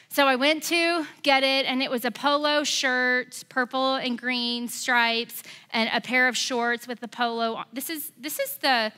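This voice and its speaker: A woman's voice: fairly high pitch, sharp tone. A middle-aged American woman pastor preaching a sermon, telling a personal story and building to passionate exhortation.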